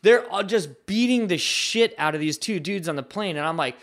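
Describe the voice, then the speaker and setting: A man's voice: high voice, moderate pace. A man, a professional skateboarder and podcast guest, telling a story in a loose, profane way, full of fillers. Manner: profane, filler-heavy, animated retelling. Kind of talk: casual storytelling.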